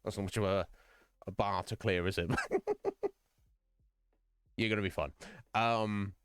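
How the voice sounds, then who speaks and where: A man's voice: on the low side, steady tone, unhurried, clean tone, no room sound, studio quality. A man hosting a live stream, chatting casually and jokingly with viewers by name. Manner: rambling, joking, talks to chat by name. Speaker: streamer host.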